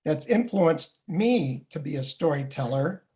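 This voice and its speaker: An older man and Jewish educator telling a family story in a vivid, animated way. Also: on the high side, measured pace. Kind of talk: storytelling talk.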